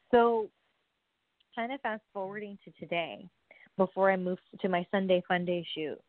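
A woman telling a rambling story in a casual vlog, full of fillers and asides, dropping to hushed whispers and then bursting out. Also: mid-range voice, moderate pace, no echo. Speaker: wrestler. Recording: tinny phone-like, dry sound.

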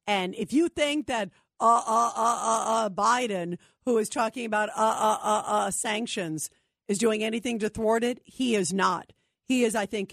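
A woman's voice: fairly high pitch, no echo, studio quality. A woman hosting a call-in talk radio show, speaking in an emphatic, indignant manner. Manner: emphatic, indignant, reads phone number repeatedly. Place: radio studio.

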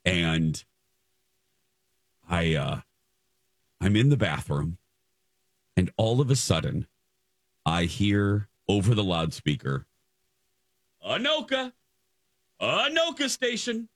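A man's voice: deep voice, lively intonation, slow, pauses often, dry recording, studio quality. A man hosting a radio show, telling a story in casual chat and stumbling over repeated words as he relives the moment.

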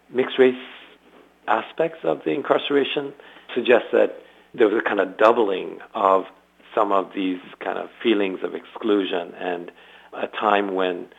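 A man speaking as an expert guest in an interview, measured and academic, pausing often. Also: fairly low pitch, vocal fry. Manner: measured, academic, with pauses and fillers. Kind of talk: interview commentary. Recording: tinny phone-line audio.

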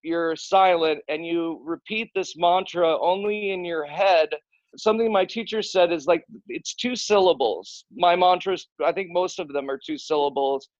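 A man's voice: a little high, normal speed, no echo, lo-fi sound. A man guesting on a podcast, talking in a loose, rambling way with frequent restarts and casual swearing.

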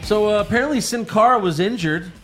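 A man co-hosting a casual podcast, joking and swearing through fast banter. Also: high voice, a bit bright, faint music behind. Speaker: podcast co-host. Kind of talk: casual chat.

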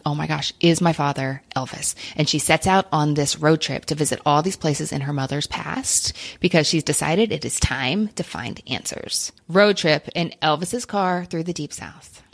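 Chatty woman host, low voice. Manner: quick, chatty book recommendations. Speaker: podcast host. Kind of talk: casual chat.

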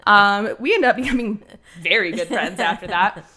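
Bright-voiced woman telling a story. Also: mid-range voice, normal speed. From Ohio, USA. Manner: animated, laughing, cursing. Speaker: guest. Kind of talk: casual storytelling.

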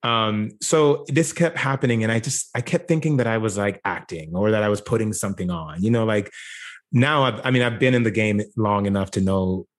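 Jamaican-born guy, actor on a podcast, lowish voice, laid back and thoughtful, lots of "like"s. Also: a little fast. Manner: reflective, easygoing, with frequent "like" and "you know". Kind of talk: casual interview conversation.

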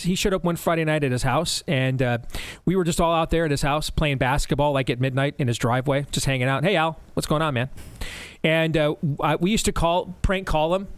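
A middle-aged man hosting a radio show, telling a long story in a rambling, animated way with many restarts. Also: fairly high pitch, no echo. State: deaf in one ear. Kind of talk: casual storytelling.

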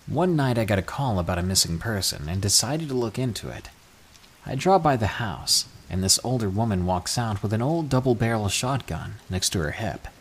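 A man reading true scary stories aloud, with an expressive storytelling delivery. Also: fairly low pitch, moderate pace, slightly rough. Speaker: narrator.

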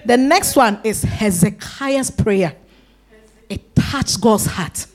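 A woman's voice: on the high side, expressive, slow. A woman pastor preaching a sermon, exhorting her congregation with rising, emphatic pleas.

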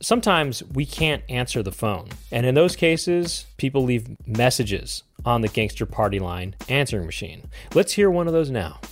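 A man's voice: mid-range voice, very animated, normal speed, hardly any pauses, soft background music. A man co-hosting, introducing calls and bantering with laughter. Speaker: co-host.

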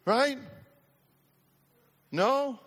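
Man, pastor, sermon, high voice, slow emphatic delivery, congregation call-outs, long church-hall reverb. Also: lively intonation, fairly bright tone. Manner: emphatic, repeats phrases for effect, calls for congregation response. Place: church sanctuary.

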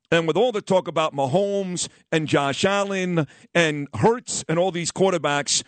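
Wisecracking radio host. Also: male voice, on the high side, dry recording. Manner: animated, wisecracking, acts out others in quoted voices. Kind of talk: casual storytelling and sports talk.

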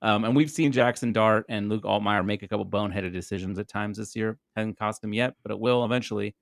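A man's voice: lowish voice, fast talker, gravelly, no room sound, clean studio sound. A man co-hosting a podcast, chatting casually about sports picks with frequent laughs and hesitant fillers. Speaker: podcast co-host. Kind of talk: casual sports betting chat.

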